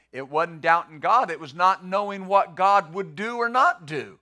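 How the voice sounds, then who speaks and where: Middle-aged male pastor, bright and forceful, a bit high, talks his sermon like a chat and repeats words. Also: normal speed, few pauses. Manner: conversational preaching with rhetorical questions.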